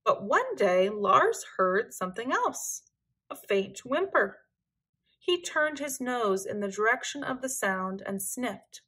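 A woman narrating a children's story aloud, taking her time over each line with a gentle, expressive delivery. Her voice is bright and clear, and it rises and falls a great deal as she tells the tale. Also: on the high side. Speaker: children's book reader.

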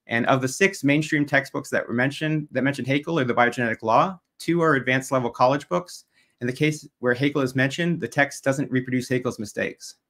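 A man's voice: medium pitch, fairly bright tone. A man giving a debate opening statement, working methodically through prepared slides and making pointed jabs at his opponent.

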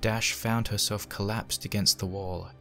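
Low male horror reader, hushed, faint music underneath. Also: fairly even intonation, measured pace. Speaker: fanfic reader. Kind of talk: dramatic horror narration.

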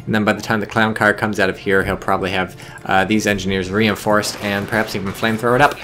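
A man's voice: on the low side, flat delivery, quick pace, a bit bright. A man casually commentating a strategy game, chatty and rambling with joking asides. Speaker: game caster.

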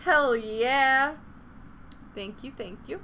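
A woman's voice: high-pitched, very slow, pushed and bright, a little hiss or hum. A young woman chatting casually on a live gaming stream, swearing freely and venting frustration between laughs. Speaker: game streamer.

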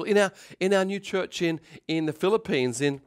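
A middle-aged male pastor giving a sermon in an animated preaching manner, acting out voices and calling out loud. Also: high voice, normal speed, clear, resonant tone.

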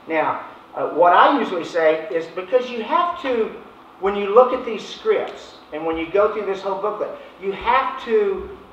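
A man's voice: high-pitched, a bit bright, slight background noise. A man leading a sales training session, talking in a folksy, casual way and acting out phone chats. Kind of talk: informal training talk. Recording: echoey, distant, dull room recording.

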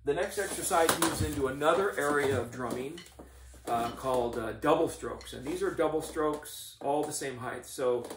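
A middle-aged man teaching drumline warm-ups, explaining each exercise in a methodical, encouraging coaching manner. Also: on the high side, moderate pace, noisy background. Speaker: drumline instructor. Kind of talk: instructional demonstration. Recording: echoey room, mic at a distance.

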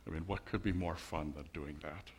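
A man's voice: extremely low pitch, fairly even intonation, brisk, a little hiss or hum. A man preaching a sermon as a pastor in a church, wry and conversational, leaning on rhetorical questions. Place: church sanctuary.

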